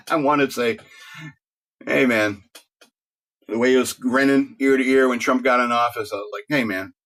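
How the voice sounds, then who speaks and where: A man's voice: mid-range voice, fairly even intonation, brisk, fairly bright tone. A middle-aged man hosting a talk radio show, rambling casually, joking, laughing often and restarting his words.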